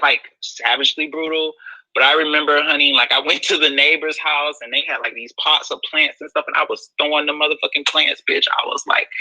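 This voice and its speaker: A young man telling a personal story in a casual, sassy, expressive way, full of slang. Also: on the high side, low-quality recording.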